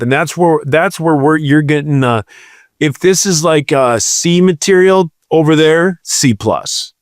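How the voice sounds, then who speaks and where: A man's voice: a little high, measured pace, no room sound, studio quality. A man co-hosting a casual comedic podcast, rambling and playful as he makes jokes and plugs the show. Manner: joking, rambling, playful asides. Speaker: podcast co-host.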